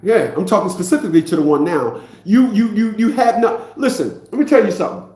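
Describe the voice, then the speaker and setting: Man in his fifties, high voice, cursing rant, echoey room. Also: lively intonation, a little fast, a little mellow. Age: 50s. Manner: profane, preachy, repeats himself. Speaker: vlogger. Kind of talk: ranting monologue to camera.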